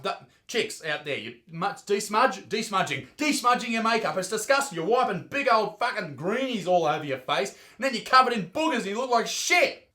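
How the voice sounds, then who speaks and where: A high-pitched Australian man tears into things in loud, sweary, mocking rants. His voice bounces around an echoey room. He talks like a young comedian riffing to his audience. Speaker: comedian host. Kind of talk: profane comedic commentary.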